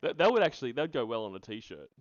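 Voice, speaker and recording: A man's voice: medium pitch, very animated, quick pace, no room sound, dull audio. Sarcastic man hosting commentary. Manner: sarcastic, mocking, laughs often. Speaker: host reacting to recordings. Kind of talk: commentary on call recordings.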